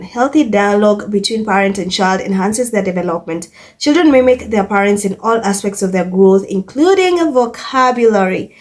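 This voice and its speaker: A woman hosting a commentary channel, reading out social media comments and reacting to them with scorn and laughter. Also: mid-range voice.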